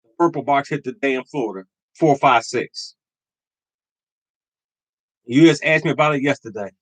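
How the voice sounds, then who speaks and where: A man's voice: medium pitch, fast, no echo, low-quality recording. A man in his fifties or older hosting a live lottery tips stream, greeting chat viewers by name and repeating his points with emphatic conviction. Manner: emphatic and repetitive, preaching conviction.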